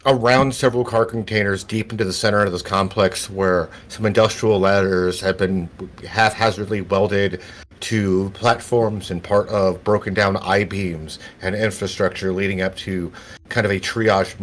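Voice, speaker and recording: Low-voiced man narrating a game. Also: fairly even intonation, normal speed, slight background noise. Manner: descriptive, loose, full of "like" and "kinda". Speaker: game master.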